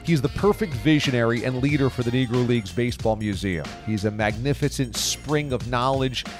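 A man in his forties hosts a sports podcast with an eager, conversational delivery. His voice sits at an ordinary middle pitch. He moves from a read intro into friendly chat. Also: a little fast, music in the background. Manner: enthusiastic, conversational. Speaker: podcast host. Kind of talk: scripted podcast intro and interview.

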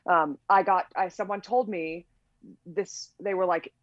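An earnest woman with a mixed American-Australian accent talks in a lowish voice, restarting her sentences as she goes. The sound is dry and a little muffled, with no room around it. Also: fairly even intonation, a little slow, no echo. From between America and Australia. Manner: chatty, earnest, many restarts. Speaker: guest singer. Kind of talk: casual chat.

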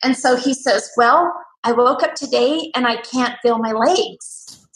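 A woman interview guest telling a personal story in an animated way. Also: a little high, measured pace, roomy sound, low-quality recording. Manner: lively, acts out quoted voices.

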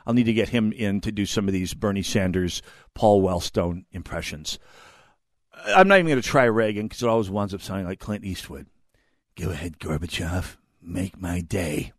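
A man's voice: lowish voice, lively intonation, fairly quick, dry recording, clean studio sound. A man in his fifties hosting a talk radio show, delivering an opinionated monologue that rambles off on tangents and restarts his words. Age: 50s.

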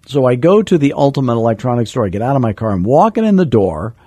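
Husky, mellow-voiced male sales coach. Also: mid-range voice, quick pace, dry recording, studio quality. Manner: animated, self-deprecating, with sound effects. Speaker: real estate sales coach. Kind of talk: storytelling teaching talk.

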